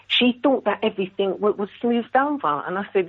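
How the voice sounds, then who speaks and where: A woman's voice: mid-range voice, a little fast, few pauses, slightly rough. Indignant woman caller on a tinny phone line. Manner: indignant, animated retelling with quoted dialogue. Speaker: radio caller. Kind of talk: call-in story telling.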